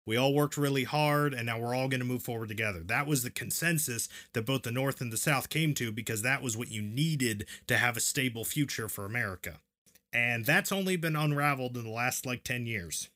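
A man's voice: medium pitch, fairly quick, pushed and bright. A man co-hosting a podcast, earnestly explaining history in long, flowing runs. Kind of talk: explanatory conversation.

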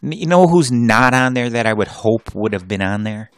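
A man's voice: medium pitch, expressive, normal speed, clear, resonant tone, dry recording, studio quality. A man co-hosting a podcast, teasing and wisecracking and laughing often in casual banter. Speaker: podcast co-host.

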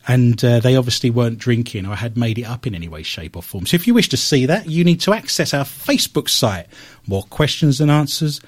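Man, radio talk show host, husky tone, lively rising and falling delivery, wry storyteller. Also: medium pitch, a little fast. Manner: animated storyteller with wry asides.

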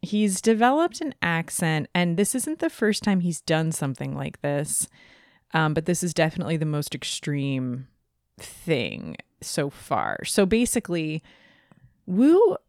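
Chatty woman podcaster, smooth and dry. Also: low-pitched, sing-song, unhurried, a little mellow, dry recording. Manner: chatty, laughing, many restarts. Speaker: podcast co-host. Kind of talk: casual chat.

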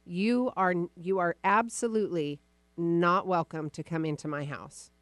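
A woman podcast host coaching a caller live, encouraging and animated, acting out the caller's inner voice. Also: fairly low pitch, a little slow, no echo.

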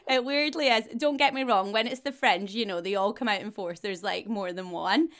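A woman's voice: mid-range voice, moderate pace, fairly bright tone. A woman in her thirties with a Glaswegian Scottish accent, chatting casually as a podcast guest, laughing often and full of fillers. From Glasgow, Scotland. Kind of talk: casual chat.

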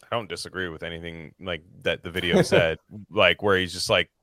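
A man's voice: low-pitched, fairly quick, pushed and bright, no room sound, clean studio sound. A man hosting a casual podcast chat, rambling with many restarts and fillers. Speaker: podcast host.

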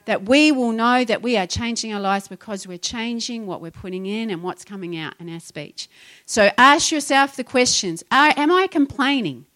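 A woman's voice: a little high, normal speed, a bit bright. A middle-aged woman preaching a sermon, exhorting her congregation with rhetorical questions. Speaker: pastor.

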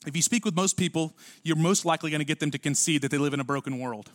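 A man preaching a sermon as pastor, swinging from punchy lines to hushed asides and acting out voices. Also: fairly high pitch, fast, no echo. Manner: animated preaching with sudden drops to quiet and acted-out voices.

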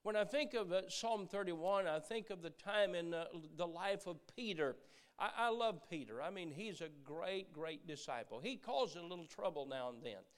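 A middle-aged man preaching a sermon, earnest, repeating words as he goes and dropping from loud emphasis to a hush. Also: high-pitched, animated, normal speed.

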